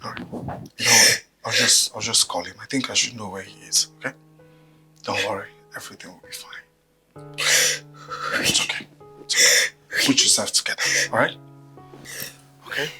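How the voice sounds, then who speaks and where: Soothing Nigerian friend, bright voice, reassuring, faint music. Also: female voice, rumbling low, normal speed, long pauses, full character voice, low-quality recording. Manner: soothing, reassuring, repeats "okay?". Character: calm caring female friend comforting a crying woman. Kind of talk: film drama acting.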